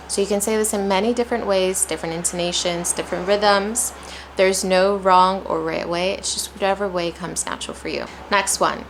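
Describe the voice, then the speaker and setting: A woman's voice: mid-range voice, moderate pace, fairly bright tone, slight background noise, low-quality recording. A woman with an American accent teaching English pronunciation, encouraging, who demonstrates stress and rhythm by repeating example sentences. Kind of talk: pronunciation lesson.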